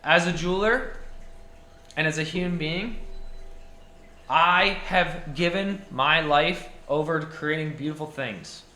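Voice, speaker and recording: A man's voice: a little high, a little slow, pauses often, sharp tone, roomy sound, a little hiss or hum. A young man, a jeweller, giving an impassioned monologue to camera, ranting with emphatic repetition and frequent restarts.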